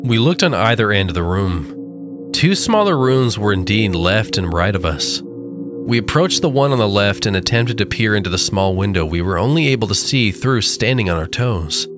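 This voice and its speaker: Low-voiced man narrating a horror story. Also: lively intonation, moderate pace, over music.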